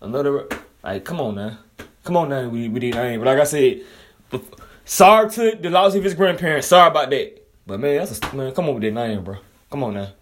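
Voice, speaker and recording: A young man from Alabama with a Southern accent, freestyling casual, profane commentary, swinging between loud outbursts and low mutters and repeating himself. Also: expressive, brisk, a little hiss or hum. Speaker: vlogger commenting on news.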